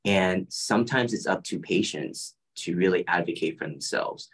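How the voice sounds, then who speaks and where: A very deep-voiced man moderates a panel over a video call. He speaks reflectively as a medical professional and often restarts his sentences while he gathers his thoughts. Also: moderate pace, poor audio.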